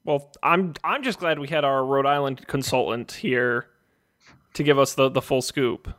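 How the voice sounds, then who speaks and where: A man hosting a casual tech podcast, talking quickly and joking with his co-hosts. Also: medium pitch, fairly bright tone. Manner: quick, joking, plugs the show. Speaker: podcast host.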